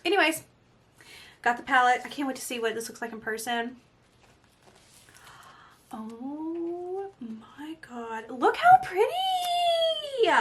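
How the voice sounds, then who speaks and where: A woman beauty vlogger gushing excitedly in a casual unboxing video. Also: fairly high pitch. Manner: gushing, excitable, often breaks into soft exclamations.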